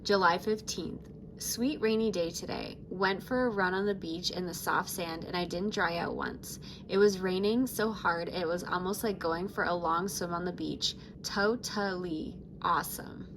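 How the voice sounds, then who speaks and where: Chill teen sea monster surfer girl reading her diary, soft and easy, as a lady reads it out. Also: lowish voice, measured pace, background noise. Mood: mellow.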